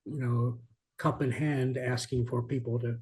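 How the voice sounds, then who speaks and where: An earnest man recounting memories as a guest in an interview. He speaks at a mid pitch with shifting emphasis and often restarts his sentences, telling the story in a reflective way. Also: flat delivery, a little slow, darkish tone. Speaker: author and guest.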